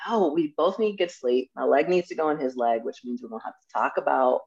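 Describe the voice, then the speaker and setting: Low gravelly woman in her forties. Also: brisk, darkish tone. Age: 40s. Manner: candid, frank and chatty. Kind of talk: casual conversation. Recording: dull lo-fi sound.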